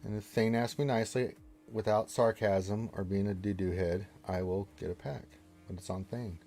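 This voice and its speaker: A man's voice: fairly low pitch, fairly even intonation, moderate pace, mellow, a little hiss or hum. A man hosting a casual live game stream, reading the chat aloud and teasing viewers with mock-stern playfulness.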